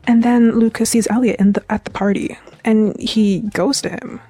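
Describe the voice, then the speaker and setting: A woman's voice: a little high, steady tone, moderate pace, mellow, husky. A young woman hosting a review podcast, recapping a TV episode in a chatty, emotional way with frequent restarts and self-corrections. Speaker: podcast host reviewing a TV series.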